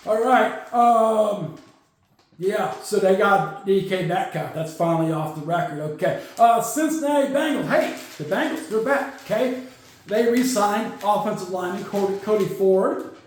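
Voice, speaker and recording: A man's voice: high voice, normal speed. A man hosting a casual sports talk show, chatty and rambling, stumbling over numbers. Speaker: podcast host. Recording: very echoey room.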